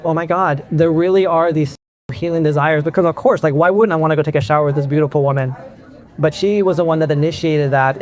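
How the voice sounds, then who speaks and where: Candid middle-aged man telling his story. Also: a little high. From California. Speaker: convention speaker. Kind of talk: personal talk to an audience.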